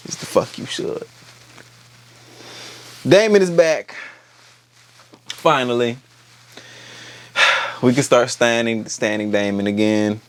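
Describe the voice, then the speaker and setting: A man casually recapping a TV episode, animated and profane, acting out the characters' lines as he goes. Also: fairly low pitch, slow pace, creaky, long pauses, slight background noise. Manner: animated, profane, acts out quotes. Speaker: TV episode reviewer.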